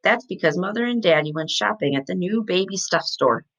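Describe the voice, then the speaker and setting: A woman reading a children's chapter book aloud in an animated storytelling manner. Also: fairly low pitch, a little fast. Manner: animated storytelling with light laughs. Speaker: reader. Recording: dull lo-fi sound.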